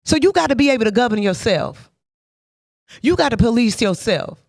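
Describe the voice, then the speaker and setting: A woman's voice: fairly high pitch, big pitch swings, moderate pace, gravelly, a little mellow, dry recording, studio quality. Emphatic woman preaching faith and discipline. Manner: emphatic, repetitive, preacher-like with rhetorical questions; laughs often between points. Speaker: motivational faith speaker. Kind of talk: motivational faith talk.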